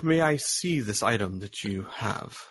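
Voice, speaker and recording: A man narrates a tabletop role-playing game as its game master. His voice sits a little low, and he pauses often with ums and restarts as he describes the scene. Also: animated, fairly bright tone, slight background noise. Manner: hesitant, many ums and restarts.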